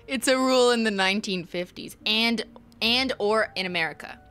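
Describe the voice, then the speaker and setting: A woman's voice: fairly high pitch, normal speed, fairly bright tone, clean tone, soft background music. A young woman streaming a game live, chatty and giggly, swearing freely and slipping into joke voices. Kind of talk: casual live gameplay commentary.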